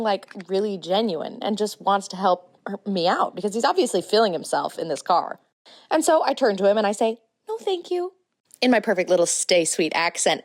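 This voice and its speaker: A woman from Utah, a crafts creator, telling stories in a chatty, playful voice-over. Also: medium pitch. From Utah, USA. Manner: chatty, animated, playful asides. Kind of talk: casual storytelling voice-over.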